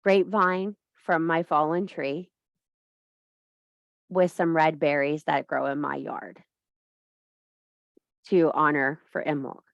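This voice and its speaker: A woman's voice: low voice, fairly even intonation, slow pace, vocal fry, long pauses, no echo, lo-fi sound. A woman giving a casual spoken lecture on witchcraft, blunt and profane, firing up her listeners and laughing often mid-sentence. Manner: blunt, profane, fired-up pep talk. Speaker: witchcraft teacher.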